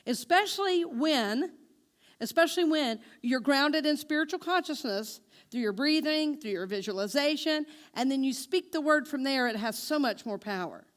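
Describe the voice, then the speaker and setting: A woman minister preaching with a high, bright voice. She asks her congregation questions and waits for them to answer. She speaks her affirmations slowly and with care. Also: animated. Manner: engaging the congregation with call-and-response questions; slow, deliberate spoken affirmations. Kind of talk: sermon.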